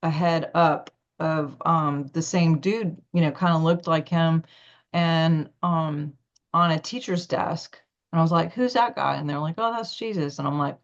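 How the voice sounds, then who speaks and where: A woman's voice: sits low, level tone, measured pace. A woman guest telling a personal spiritual story in a rambling way, full of "like" and restarts. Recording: muffled lo-fi recording.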